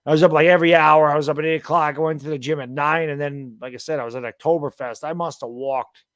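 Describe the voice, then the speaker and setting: Speaking fast with a fairly high pitch, a sports-stream co-host in his thirties chats in a loose, casual way. He's yawning and worn out, telling relaxed, meandering stories over studio-quality audio with no room sound.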